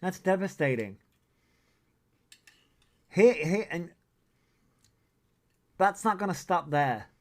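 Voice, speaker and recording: A man hosts a casual livestream, his voice sitting a little high. He drifts from one tangent to the next and drops plenty of swear words along the way. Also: lively intonation, slow, long pauses. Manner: rambling, tangential, swears often. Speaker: livestream host. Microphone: desk mic that picks up a lot.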